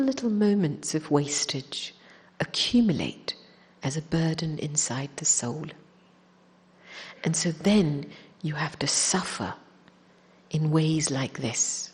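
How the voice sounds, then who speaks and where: Woman, spiritual speaker, earnest storytelling, lowish voice, long reverb. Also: animated, measured pace, darkish tone, slightly rough.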